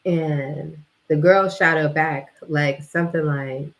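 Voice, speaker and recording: A woman vlogger telling a story in casual, slangy talk, animated and often breaking into laughter. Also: deep voice, slow pace, rough recording.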